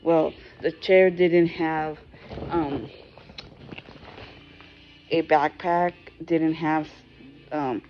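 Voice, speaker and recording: Low-voiced woman, casual rambling storyteller, dull lo-fi sound. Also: steady tone, very slow, long pauses, soft background music. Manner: rambling with frequent fillers and restarts.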